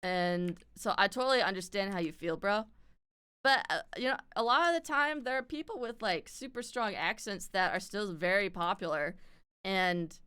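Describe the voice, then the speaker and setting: A woman's voice: medium pitch, moderate pace, pushed and bright, clean tone. A woman with a standard North American accent and a slight lisp, chatting casually with live viewers, loose and filler-heavy, swearing now and then. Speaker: streamer.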